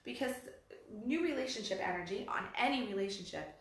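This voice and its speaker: A middle-aged woman co-hosting a casual talk about relationships, telling animated stories and acting out the people she quotes. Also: fairly high pitch, a little fast, creaky. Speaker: podcast co-host. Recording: very echoey room, faint background noise.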